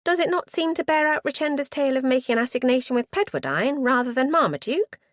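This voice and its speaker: An eager, excitable young lady with a high, bright voice that races up and down, as a woman reader puts her on. She sounds breathless with enthusiasm, in a dry, close recording. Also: fast, dry recording. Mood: excited.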